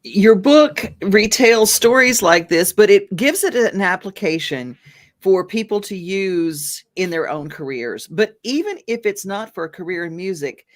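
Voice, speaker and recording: A woman's voice: medium pitch, lively intonation, a little slow. A woman hosting an interview, talking with the guest in a casual, playful way. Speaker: radio show host.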